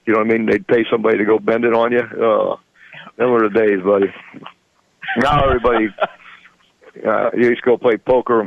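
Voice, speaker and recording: A man's voice: lowish voice, creaky, no echo, narrow, tinny audio. A man in his sixties, a radio show guest, telling rambling stories in folksy grammar and chuckling often. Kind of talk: casual storytelling.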